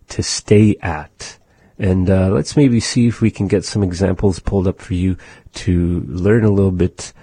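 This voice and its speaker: Man, language teacher, deep dark husky voice, slow and measured, dry close sound. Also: dry recording. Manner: slow and measured, with many filler "uh"s. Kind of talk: language lesson.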